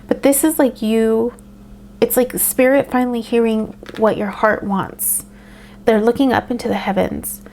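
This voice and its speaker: A woman giving a casual tarot reading, talking in a meandering way with frequent ums and soft laughs. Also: a little high, fairly even intonation, normal speed, slight background noise. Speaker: tarot reader.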